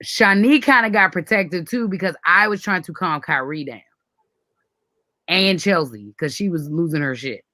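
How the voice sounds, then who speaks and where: A woman in her forties with a lowish voice speaks at a moderate pace, with no room sound. Hosting a casual chat, she tells a family story animatedly, laughing often and acting out quoted voices.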